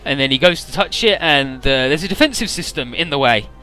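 A man retelling a video game plot in a loose, offhand way, dropping swears and filler words as he goes. His voice is bright and forceful and sits a little high for a man, with faint music underneath. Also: expressive, a little fast. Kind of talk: casual let's-play story recap.

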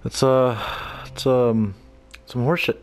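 A man giving casual, excitable commentary while playing an online western game, swearing freely and joking at himself. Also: mid-range voice, a little slow, soft background music. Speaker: gameplay streamer.

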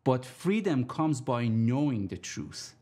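Slow, deliberate male Bible teacher. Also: medium pitch, very animated, darkish tone. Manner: deliberate, repeats key points for emphasis. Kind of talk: recorded sermon teaching.

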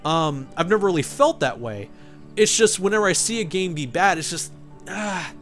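Animated, cursing let's-play gamer man. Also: high-pitched, moderate pace, faint music behind. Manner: animated, swears often, irritated rants. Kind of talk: game commentary.

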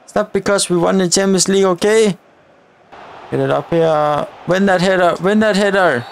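A man giving excited live commentary on his own football video game career mode, often exclaiming at chances and shouting at the players. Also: high voice, normal speed, slight background noise. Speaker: gaming YouTuber.

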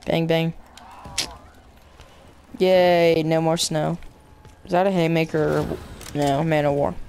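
A young channel host giving playful, excitable commentary over a zombie game. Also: medium pitch, slow pace, a little hiss or hum. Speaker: gameplay commentator.

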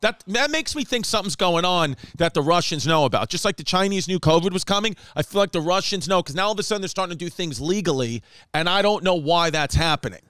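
A man's voice: high-pitched, clean tone, no echo, clean studio sound. A man, a comedian and podcast host telling a rambling story and acting out the people in it. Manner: animated, acts out quotes, rapid run-on storytelling.

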